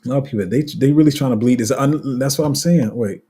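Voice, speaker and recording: Livestream host, male, mellow husky tone, loose rambling delivery. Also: mid-range voice, fast talker. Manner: rambling, restarts often, laughs at himself; reads viewer comments aloud. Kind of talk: casual livestream chat reading comments.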